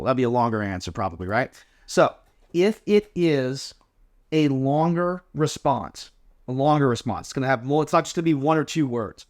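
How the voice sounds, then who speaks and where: A man who coaches a drill team chats casually, walking through inspection answers step by step and acting out sample replies. His mid-range voice is expressive and moves at a normal speed.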